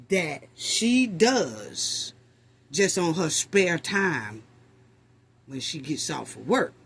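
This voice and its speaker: Casting note: woman host, husky and slow, reacting loudly to clips. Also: low-pitched. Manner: animated, exclaiming, addresses audience as family. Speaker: commentary host. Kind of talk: casual commentary.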